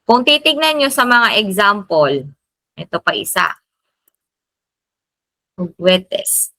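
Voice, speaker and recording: A Filipino woman teaching a recorded lesson, explaining slowly and repeating key terms. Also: medium pitch, very animated, sharp tone, no room sound. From Philippines. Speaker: Spanish teacher. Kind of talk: recorded lecture in Taglish.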